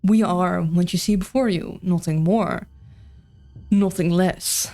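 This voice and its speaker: A woman voicing a sly ancient talking plant parasite with a folksy cowboy drawl, her voice hoarse. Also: on the low side, takes it slowly, warm tone, faint music behind. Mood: coaxing.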